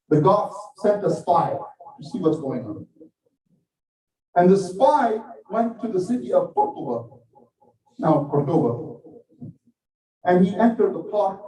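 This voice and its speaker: A man preaching a Friday sermon, telling a story with measured, earnest emphasis and then exhorting his listeners. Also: high-pitched, dark tone. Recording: echoey hall, voice from a distance.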